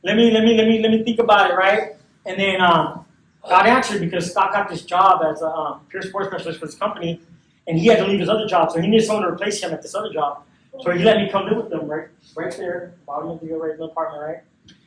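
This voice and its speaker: A recovery speaker with a high, steady, slightly bright voice talks fast as he shares his personal recovery testimony in a recovery service hall, using slang and repeated phrases. The recording is echoey and distant, with a little hiss or hum.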